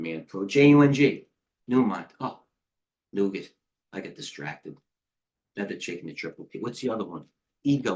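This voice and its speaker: A man with a slightly low voice and an American accent, talking through the market live as a trading coach. He rambles and jumps between stock symbols, getting excitable and chatty as he goes.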